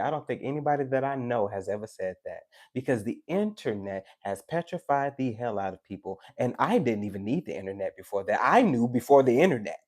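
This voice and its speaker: A man's voice: medium pitch, brisk, few pauses. A man giving a tarot live stream, talking casually and animatedly to his chat, preachy and joking. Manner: animated, preachy and joking, with teasing asides to viewers.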